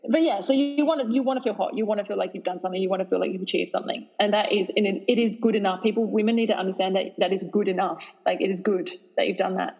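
An Australian woman who works as a fitness trainer, talking in an energetic, emphatic way on a podcast. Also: medium pitch, racing, few pauses, husky, in a large hall, muffled recording. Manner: energetic, emphatic, laughs easily. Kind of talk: podcast interview.

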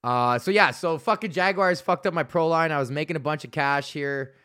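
A man's voice: a little high, a little fast, pushed and bright, clean tone. A male comedian hosting a solo podcast, ranting in a loose, rambling, profane way.

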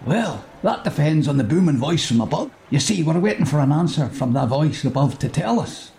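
A man putting on a sheepish hero husband with a gravelly, lively voice, placating and making excuses. He sounds a touch higher than an everyday speaking voice. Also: brisk, slight background noise.

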